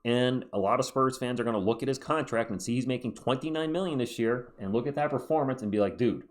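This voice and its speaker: A man hosting his own sports commentary video, chatty and animated as he talks basketball. His voice sits at an ordinary middle pitch, and he throws in quick asides as he goes. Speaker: sports channel host.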